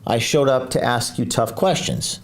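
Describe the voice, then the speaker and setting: A man's voice: medium pitch, normal speed. Combative man hosting a live stream. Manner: rambling, combative, reads comments aloud.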